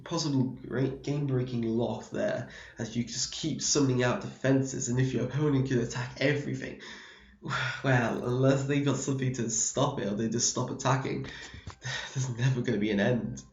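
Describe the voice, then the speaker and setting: A man's voice: medium pitch, steady tone, normal speed, reverberant, lo-fi sound. A man from the UK casually explaining a card game deck, rambling and correcting himself, slightly losing his voice. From United Kingdom.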